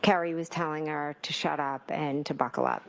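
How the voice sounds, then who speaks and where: Woman witness on the stand, deep gravelly voice, halting answers full of fillers. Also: a little hiss or hum, rough recording. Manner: hesitant, many fillers and restarts. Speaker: trial witness. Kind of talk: courtroom testimony. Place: courtroom.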